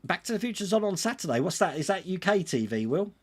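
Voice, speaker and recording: A man's voice: sits high, very animated, fast talker. Chatty man hosting a livestream. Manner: chatty, reads viewer comments aloud and answers them. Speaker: livestream host answering chat. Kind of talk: casual livestream chat.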